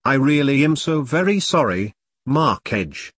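A man voicing a stern but caring army captain with clipped, commanding speech and a husky voice. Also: medium pitch, big pitch swings, a little slow, fairly bright tone, no echo, clean studio sound, full character voice. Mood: gentle.

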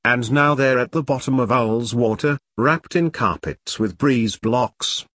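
A man's voice: mid-range voice, a little slow, a bit bright, no echo, studio quality. A man voicing a fierce, foul-mouthed woman in an audiobook, speaking bluntly and defiantly. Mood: matter-of-fact. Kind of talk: audiobook character reading.

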